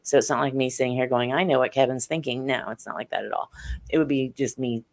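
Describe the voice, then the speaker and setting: A woman's voice: a bass voice, steady tone, quick pace. A middle-aged woman, a podcast guest, telling her experiences in earnest detail. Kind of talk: interview on a podcast.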